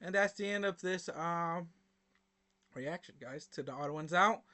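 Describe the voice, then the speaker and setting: A young man with a high, bright voice chats casually to his viewers. He rambles through his stories with plenty of fillers and slang, in a loose, informal way. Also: measured pace. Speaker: reaction video host. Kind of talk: casual storytelling to camera.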